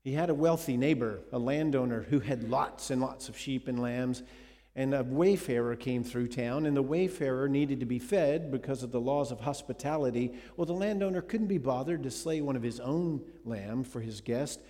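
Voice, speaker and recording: A man's voice: medium pitch, moderate pace, mellow. A man preaching a sermon, retelling a scripture story dramatically and asking his listeners questions. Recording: long hall reverb.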